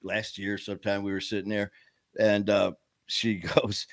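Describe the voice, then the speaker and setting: A man hosting a podcast, telling stories in a casual, animated way and laughing often. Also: lowish voice, moderate pace, no room sound. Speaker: podcast host. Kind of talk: casual chat.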